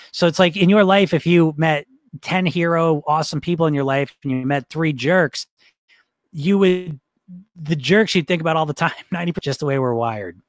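A weight-loss coach with a slightly high voice runs a live online session, recorded with no room sound. He reads out viewer comments and talks in an upbeat, rambling manner, often restarting sentences and laughing.

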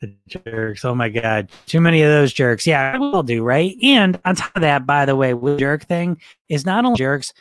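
A man's voice: mid-range voice, animated, normal speed, dry recording. A man coaching a live online session, reading viewer comments and talking in an upbeat, rambling way with frequent restarts and laughs. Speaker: weight-loss coach.

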